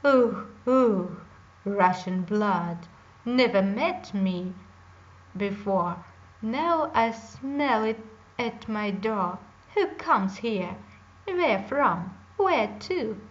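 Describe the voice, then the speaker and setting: A woman voicing an old storybook witch with loud, drawn-out menace, on a dull lo-fi recording. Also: mid-range voice, expressive. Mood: menacing. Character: old witch, cackling and gruff. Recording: dull lo-fi recording with faint hiss.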